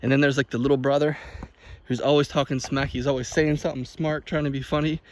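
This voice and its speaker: A man vlogging outdoors on a walk, telling a story in an animated, chatty way and laughing often. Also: medium pitch, fast talker. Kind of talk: casual chat while walking. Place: outdoors by a field.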